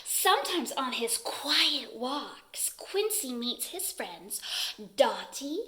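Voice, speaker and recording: A woman's voice: high-pitched, very animated, takes it slowly, pushed and bright. A woman teaching preschoolers who reads a picture book aloud in a playful, giggly way and keeps asking the children questions.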